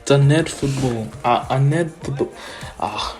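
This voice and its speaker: Brief: cocky young hero, calm and teasing, in a male fan narrator's own voice. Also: medium pitch, moderate pace, faint music behind, lightly acted. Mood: smug. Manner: smug, teasing.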